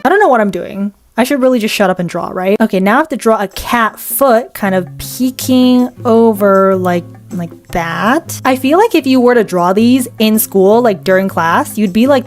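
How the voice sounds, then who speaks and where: A young woman chatting casually while she draws, rambling and joking at her own expense, her words a little muffled by a retainer. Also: fairly high pitch. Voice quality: slight retainer-muffled speech. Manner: chatty, self-deprecating, rambling. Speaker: art vlogger. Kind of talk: casual drawing vlog commentary.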